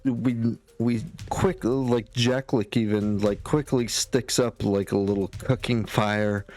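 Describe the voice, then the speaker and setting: A man's voice: medium pitch, steady tone, slow pace, darkish tone. A man narrating as dungeon master, rambling with many fillers and restarts. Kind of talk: narrating a tabletop game.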